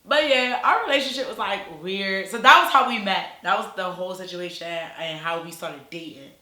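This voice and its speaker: Woman vlogger, casual storytime, blunt and profane, bright tone, roomy echo. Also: medium pitch, normal speed.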